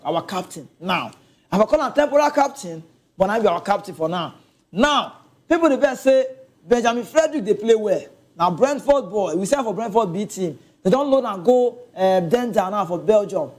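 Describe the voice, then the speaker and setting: A man with a Nigerian Pidgin accent giving a casual, animated football rant, laughing and talking straight to his viewers. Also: high-pitched. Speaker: football commentator.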